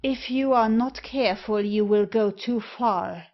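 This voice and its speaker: Woman reading an indignant proud gentleman, outraged protest, slow, muffled lo-fi sound. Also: fairly high pitch. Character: indignant respectable gentleman, proud and easily affronted. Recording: dull lo-fi recording.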